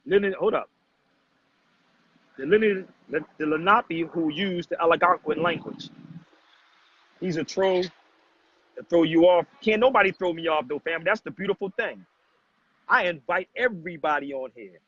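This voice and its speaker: Speaking at a moderate pace, this man has a highish, pushed, bright voice with slight background noise. As a livestream host he lectures viewers and confronts a commenter in a preachy tone, calling chat his family, all over dull, muffled lo-fi audio.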